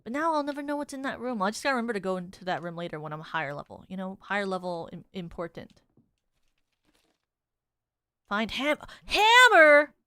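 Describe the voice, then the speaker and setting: A woman's voice: mid-range voice, rapid-fire, hardly any pauses, a bit bright, smooth, dry recording. A young adult woman streaming a video game, casually chatting, reading in-game text aloud, swearing and laughing when surprised. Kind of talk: casual gameplay commentary.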